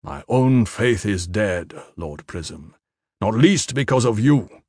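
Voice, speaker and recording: A man voicing a weary, blunt commander of bodyguards who speaks solemnly and forcefully in an audiobook. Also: fairly low pitch, lively intonation, takes it slowly, no echo, studio quality.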